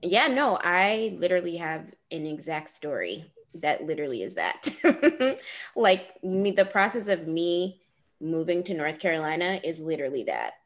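A woman's voice: lowish voice, sing-song, moderate pace. A woman in her twenties telling a personal story on a podcast, laughing often and dropping to near-whispers for asides. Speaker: podcast co-host.

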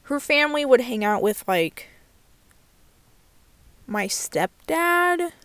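A young woman vlogs from inside her car, telling a candid storytime in a casual, chatty way. Her voice is high and sing-song, slow-paced, with a fairly bright, clean tone and no room sound. She swears freely and fills her talk with "like."

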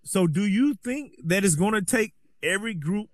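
A man's voice: high-pitched, animated, moderate pace, no echo. Earnest man chatting, dry sound. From American Deep South. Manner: earnest, rambling, repeats words when starting sentences. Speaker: host. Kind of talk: casual conversational chat.

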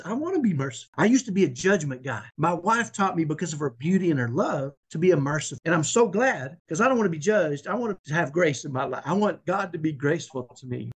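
A man's voice: on the high side, husky. A man speaking as a guest in a faith interview, earnest and emphatic, often repeating himself as he makes his point. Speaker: podcast guest.

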